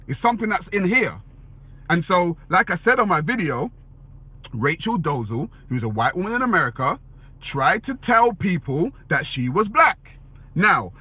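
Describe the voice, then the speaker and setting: A man's voice: high voice, breathy edge, no room sound. A man giving a blunt, casual opinion monologue, swearing and answering viewer comments. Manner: blunt, swears, repeats "you know what I'm saying". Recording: tinny phone-like dry sound.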